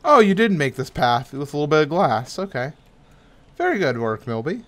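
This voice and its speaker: A young man with a fairly high voice hosting a laid-back gaming chat. He is playful and goofy, and he apologizes easily when teased. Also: big pitch swings, normal speed. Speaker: host of a gaming channel.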